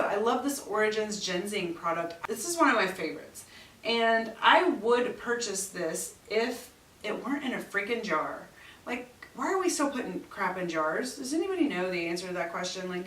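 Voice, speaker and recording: A woman's voice: mid-range voice, fairly bright tone, distant mic, slight background noise. Middle-aged woman, casual reviewer, blunt and chatty, set back from the mic in a roomy echo. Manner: chatty, blunt, exasperated asides. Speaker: beauty vlogger. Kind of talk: casual product review chat.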